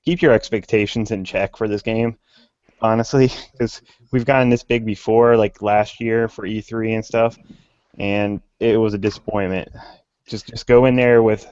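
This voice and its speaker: Young man, lowish voice, measured and thoughtful, dry lo-fi audio. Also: fairly even intonation, a little mellow, smooth, dry recording. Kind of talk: casual podcast chat.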